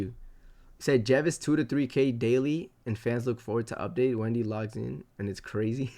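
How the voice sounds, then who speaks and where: A medium-pitched man live-streams, voicing chat comments and responding in a loose, lively way with lots of profanity.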